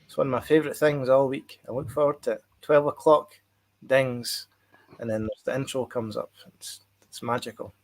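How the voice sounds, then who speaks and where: A man's voice: mid-range voice, steady tone, normal speed, poor audio. A Scottish man co-hosting a stream, chatting in an easygoing, wry way with stammered restarts. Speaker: stream co-host. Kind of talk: casual chat.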